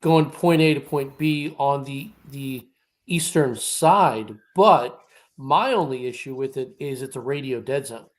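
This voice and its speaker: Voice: medium pitch, a little slow. A speaker in a casual podcast chat, arguing a point plainly in the middle register.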